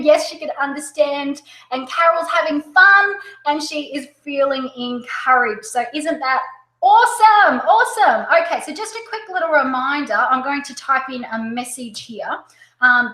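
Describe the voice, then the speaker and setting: An Australian woman presenting a sales-coaching webinar, upbeat and excitable, talking fast. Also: high-pitched, echoey room, poor audio.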